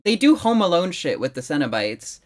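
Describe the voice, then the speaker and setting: Female podcast co-host, slightly low voice, unhurried, hedges and trails off. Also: sing-song. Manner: hesitant, trailing off, hedging. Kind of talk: casual film discussion.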